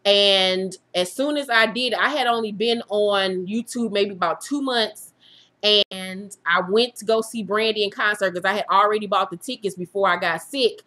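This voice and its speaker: Bright-voiced woman telling her story. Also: medium pitch, normal speed. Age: 30s. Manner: frank and profane, laughs through the hard parts. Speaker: YouTube show host. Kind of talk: candid personal storytelling to viewers.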